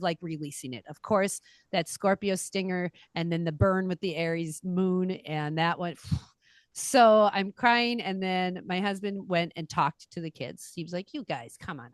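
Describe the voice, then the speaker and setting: A middle-aged woman chatting on a podcast, telling a story with lively swings in her voice and playing the parts of the people in it. Her voice sounds close and dry, with no room around it. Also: on the low side, no room sound. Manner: animated storytelling, acts out quoted voices. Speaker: podcast co-host. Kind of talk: casual chat.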